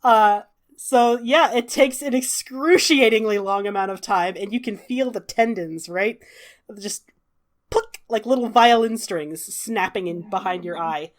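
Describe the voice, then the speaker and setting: A woman running a tabletop game as game master, narrating in an animated way with frequent fillers. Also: mid-range voice, unhurried.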